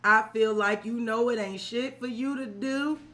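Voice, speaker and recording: A tarot reader on a live stream speaks in a slightly high, fairly bright voice, unhurried, with a little hiss or hum in the audio. She talks to her client in loose, profane slang and keeps checking in with "right?"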